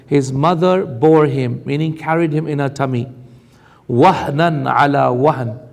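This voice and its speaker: A man delivering an emphatic sermon, mixing Arabic recitation with plain explanation and direct warnings to the audience. His voice sits a little high and has a gravelly edge. It carries the long reverb of a lecture hall. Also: darkish tone. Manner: recites Arabic verses between English explanation. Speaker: preacher. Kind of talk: sermon-style Quran commentary.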